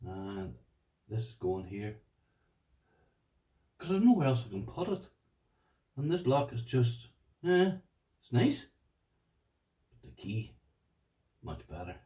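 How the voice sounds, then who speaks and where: A man's voice: medium pitch, very animated, slow pace, long pauses, warm tone, recorded from a distance. A man with an Irish accent chatting casually on his vlog, gushing and repeating himself as he talks to his viewers. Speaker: lockpicking vlogger. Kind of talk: casual excited unboxing chat.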